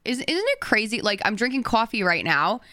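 Bright, crisp young woman chatting. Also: a little high, very animated, brisk, dry recording, clean studio sound. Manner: bubbly, giggly, fillers and playful tangents. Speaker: podcast co-host. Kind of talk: casual chat.

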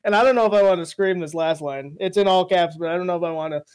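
A young man chatting casually with friends, laughing often as he reads jokes out loud. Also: sits high, fast talker, smooth. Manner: laughs often, animated reading. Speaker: group member reading AI jokes. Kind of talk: casual chat.

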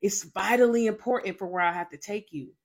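A woman's voice: mid-range voice, fairly quick. A young woman hosting a faith show, telling a personal testimony in a dramatic, emphatic way with lots of repetition.

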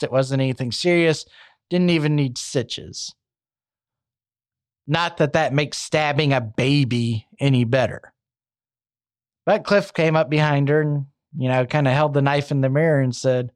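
A young man tells a true crime story in a conversational, wry way. His voice sits slightly high for a man. The recording is dry and close to the mic. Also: clean tone, no echo. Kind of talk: casual true crime narration.

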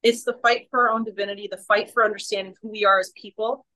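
A woman's voice: medium pitch, steady tone, fast talker, sharp tone, rough recording. A woman, a guest in a casual interview, talking with emphatic passion and often restarting her sentences. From Canada.

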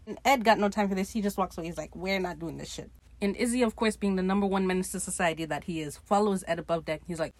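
A woman's voice: medium pitch, a little mellow, no room sound. Chatty swearing woman recapping a show. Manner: chatty, swears freely, acts out lines in quick asides. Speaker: podcast host recapping a TV show. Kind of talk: casual recap chat.

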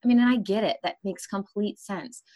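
A woman's voice: medium pitch, fairly quick, a little mellow, dull audio. A woman hosting a podcast, talking frankly and conversationally and often laughing mid-sentence. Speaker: podcast host. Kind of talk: casual interview talk.

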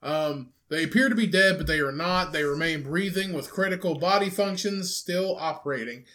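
Young guy with a pretty high voice, crude casual podcast banter, lots of ums. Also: moderate pace, sharp tone. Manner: loose and crude, reads news quotes with fillers. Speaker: podcast co-host.

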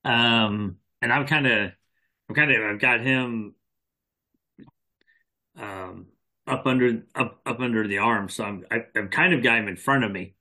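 A man's voice: mid-range voice, a little slow, pauses often, sharp tone. A man playing in a tabletop game, talking hesitantly with um's and restarts. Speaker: player. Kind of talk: casual tabletop play.

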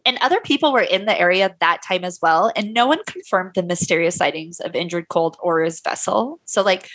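A woman's voice: medium pitch, fairly bright tone, no echo. A young woman host narrating a story casually, loose and profane, with a sore throat. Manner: loose and profane, many fillers. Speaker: podcast host.

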